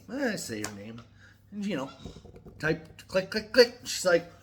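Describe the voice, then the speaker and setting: A man's voice: high-pitched, big pitch swings, moderate pace. A middle-aged man ranting to camera on his own channel, profane and rambling. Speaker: metal music YouTuber. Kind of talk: casual to-camera vlog rant.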